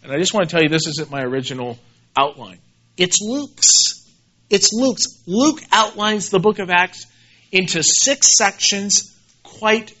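A man preaching a sermon as pastor, animated, swinging between loud emphasis and quiet asides and repeating key words. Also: a little high, lo-fi sound.

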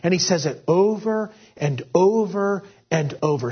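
A man preaching a Bible-teaching sermon, with many fillers and restarts, whose voice rises and grows forceful when he voices God's words. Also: high voice, expressive, unhurried, few pauses, breathy edge. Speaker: pastor. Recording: dull lo-fi audio.

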